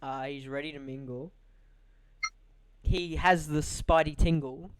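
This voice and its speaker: A young man co-hosting a podcast, swearing and telling animated stories about his friend, acting out what people said. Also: on the high side, measured pace, background noise. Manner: animated storytelling, swearing, acts out quoted voices. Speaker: podcast co-host. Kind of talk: casual banter.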